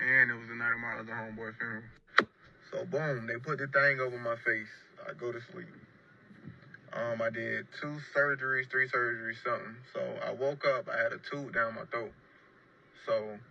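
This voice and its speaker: A man's voice: medium pitch, lo-fi sound, slight background noise. A man telling a personal story casually and emphatically, often repeating his phrases. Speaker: storyteller in a played clip.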